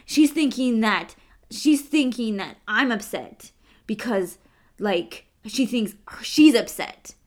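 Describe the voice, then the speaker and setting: A young American woman with a higher, animated voice speaks slowly as a guest on a casual podcast. She earnestly tells a personal story, peppered with "like" fillers.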